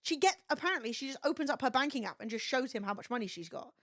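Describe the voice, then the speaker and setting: A woman's voice: high-pitched, lively intonation, fast, dry recording, studio quality. A young woman streaming, retelling gossip in a sweary, chatty way. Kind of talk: casual livestream chat.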